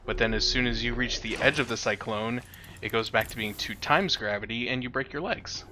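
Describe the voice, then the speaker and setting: A male streamer giving chatty, excitable gameplay commentary at home and talking back to his cat now and then. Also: mid-range voice, brisk, slight background noise.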